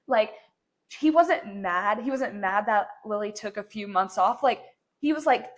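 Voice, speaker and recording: A woman's voice: mid-range voice, expressive, measured pace. A young woman hosting a faith podcast, talking in an earnest, encouraging way with lots of "like". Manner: earnest, encouraging, says "like" often. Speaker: podcast host.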